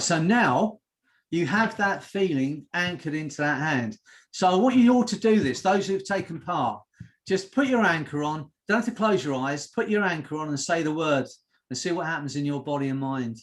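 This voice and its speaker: A man guiding a group into hypnosis, his voice sitting a little high for a man. He speaks slowly and soothingly, repeating suggestions over a video call. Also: animated. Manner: slow, soothing, repetitive suggestions. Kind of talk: guided group hypnosis session.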